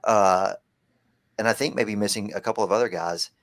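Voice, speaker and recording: A man with a gravelly, rough-edged voice, pitched a little low, talking through betting picks. He chats loosely as a podcast panelist and hedges as he goes. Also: steady tone, moderate pace, a bit bright. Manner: loose, hedging, filler-heavy. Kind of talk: casual sports betting chat.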